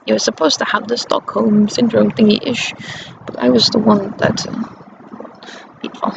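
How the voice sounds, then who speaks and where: A woman vlogger telling a rambling personal story, halting and breaking into nervous laughter. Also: mid-range voice, level tone. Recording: muffled lo-fi with clear background noise.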